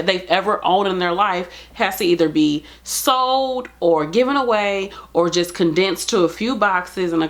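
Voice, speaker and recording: Nurse, woman, lowish voice; earnest pleading talk to the camera. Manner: earnest, pleading, casual everyday speech. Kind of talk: heartfelt direct-to-camera talk.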